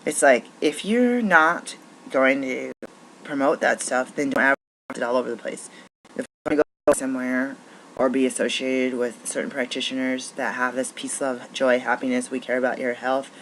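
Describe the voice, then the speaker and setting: A woman's voice: rumbling low, little pitch movement, brisk, a little hiss or hum, poor audio. A woman who works as a naturopathic doctor, venting in a frustrated, rambling monologue full of restarts.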